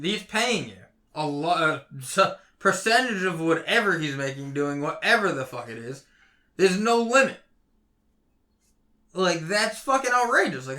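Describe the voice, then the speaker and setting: A young man ranting heatedly on a casual podcast, swearing constantly and swinging between loud outbursts and low mutters. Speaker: podcast co-host.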